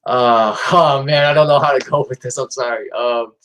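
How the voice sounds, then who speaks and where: A man's voice: medium pitch, steady tone, normal speed, fairly bright tone, slight background noise, low-quality recording. A man hosting a live stream in a casual, rambling way, with lots of fillers and restarts.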